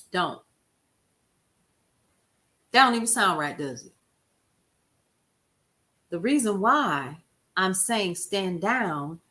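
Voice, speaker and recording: A woman hosting a casual livestream, talking to viewers in a folksy, expressive way, calling out names from the chat and telling stories with lively quoted asides. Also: medium pitch. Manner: expressive, folksy, animated storytelling with chat shout-outs. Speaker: livestream host.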